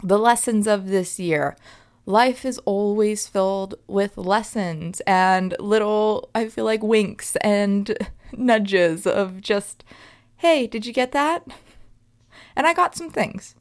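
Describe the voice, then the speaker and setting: A woman's voice: medium pitch, slow, clean tone. A woman in her thirties hosting a solo podcast, reflecting in an emphatic, conversational way and often checking in with her listeners. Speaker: podcast host.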